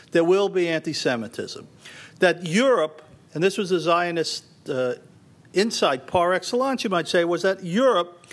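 Emphatic male history lecturer. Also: high voice. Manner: emphatic, repeats phrases for stress. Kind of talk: university lecture.

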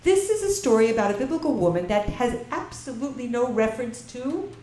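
Lively woman lecturing in an echoey room. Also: a little high, brisk. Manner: asks the audience questions, reads Hebrew verses and translates them. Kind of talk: classroom Bible lecture. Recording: echoey room with faint ambient noise.

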